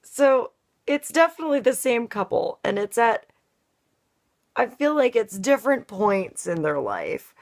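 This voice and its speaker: A woman's voice: a little high, very animated, measured pace. A woman giving a casual tarot reading, rambling with lots of "like" and frequent laughter. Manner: rambling, laughing, heavy use of "like". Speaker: tarot reader.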